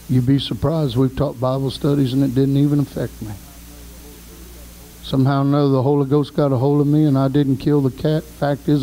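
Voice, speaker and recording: High-voiced preacher man. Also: poor audio. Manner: folksy storytelling, shouts praise. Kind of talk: sermon.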